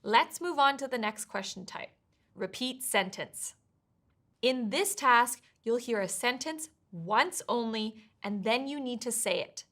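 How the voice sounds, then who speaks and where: A woman explaining exam tasks as a test prep teacher in clear, measured scripted narration. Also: fairly high pitch, expressive, fairly bright tone.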